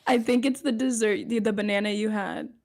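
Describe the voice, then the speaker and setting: A woman's voice: medium pitch, fairly even intonation, fairly quick, darkish tone. A woman co-hosting a podcast, laid-back and wry, often laughing. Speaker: podcast co-host. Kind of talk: casual podcast chat.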